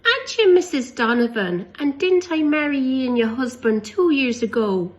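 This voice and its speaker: A man's voice: very high voice, sing-song, moderate pace, highs cut off, voice pushed up. A man reading a joke aloud in a put-on Irish accent, voicing both a priest and a wife. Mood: jokey.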